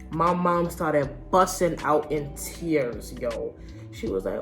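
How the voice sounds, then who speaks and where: A woman's voice: sits low, expressive, normal speed, faint music behind. A young adult woman telling a personal story in a casual vlog, candid and slangy. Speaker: vlogger.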